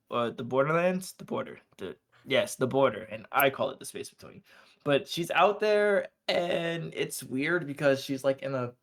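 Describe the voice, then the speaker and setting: A man co-hosting a podcast, casually recapping an anime episode in loose, slangy storytelling and briefly acting out the characters' lines. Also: medium pitch. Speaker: podcast co-host.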